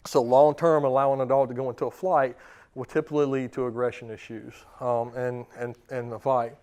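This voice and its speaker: Speaking with a medium-pitched, slightly mellow, clean voice, a man in his thirties who trains dogs runs a relaxed seminar for clients. He keeps asking the audience questions, with many fillers and restarts along the way.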